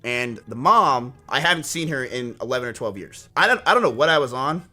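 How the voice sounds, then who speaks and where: A man's voice: mid-range voice, lively intonation, a little fast, pushed and bright. A man in his twenties casually telling a rambling story to his stream chat, swearing often. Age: 20s.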